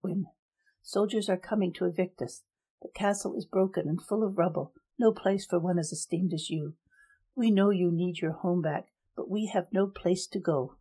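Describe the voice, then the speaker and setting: A woman's voice: fairly low pitch, moderate pace, mellow, slightly rough, low-quality recording. A woman voicing a humble, anxious mother pleading before a ruler in a storybook reading.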